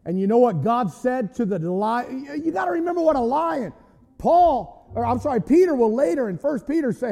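A male pastor preaching a sermon in an animated way, often shouting. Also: very high voice, moderate pace, long reverb tail.

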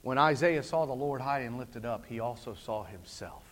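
A man preaching a sermon, swinging from hushed passages to shouted climaxes. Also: mid-range voice, animated, moderate pace. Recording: long hall reverb.

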